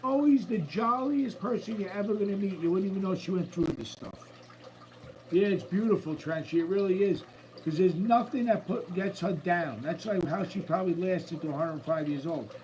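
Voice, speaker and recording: A man with a high-pitched voice hosts a relaxed live stream from his room at home, chatting upbeat and easy with his viewers. A tank's running water trickles faintly behind him. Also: moderate pace, a little hiss or hum, poor audio. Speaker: livestream host. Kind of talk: casual live-stream chat. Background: faint running water from a tank.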